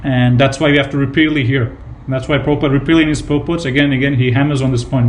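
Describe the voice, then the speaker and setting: A man's voice: mid-range voice, steady tone, racing, slight background noise. A man giving a devotional scripture class, retelling anecdotes with emphatic repetition and casual fillers. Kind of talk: devotional sermon with retold anecdotes.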